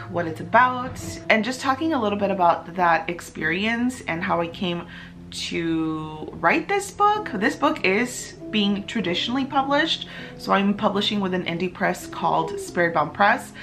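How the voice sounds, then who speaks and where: A young woman author talking casually to her camera, warm and chatty, with bursts of gushing excitement and breathy gasps. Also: mid-range voice. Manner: gushing and breathless, many gasps and nervous laughs. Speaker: author and book vlogger. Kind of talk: casual vlog talk to camera.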